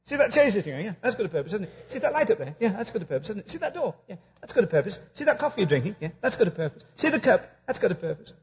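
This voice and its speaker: High, lively preacher man on a dull recording. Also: rapid-fire, hardly any pauses. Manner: storytelling, acting out both sides of conversations. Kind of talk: humorous sermon.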